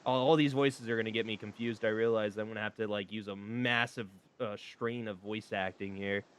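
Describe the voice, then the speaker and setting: A man streaming a dating game, reading it aloud with animated, laughing, rambling asides. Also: on the high side, no echo. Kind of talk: casual gameplay commentary.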